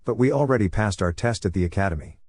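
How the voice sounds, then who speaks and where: A man's voice: fairly low pitch, lively intonation, fast, a little mellow, no room sound, studio quality. A man reading a determined young girl ninja. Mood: confident.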